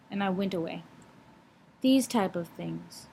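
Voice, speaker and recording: A woman's voice: fairly low pitch, a little slow, vocal fry, very noisy. A young woman vlogging in a blunt, frank way, swearing freely while she lectures and gives advice. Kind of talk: casual vlog talk.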